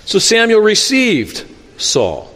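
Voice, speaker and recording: A pastor with a high, light voice delivers a slow sermon, retelling a Bible story expressively and acting out its quotes and asides. His words ring through a large hall with a long reverb tail.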